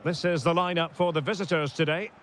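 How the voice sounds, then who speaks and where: A man giving play-by-play football game commentary, shouting on goals and calm between plays. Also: a little high, fairly quick, a little hiss or hum.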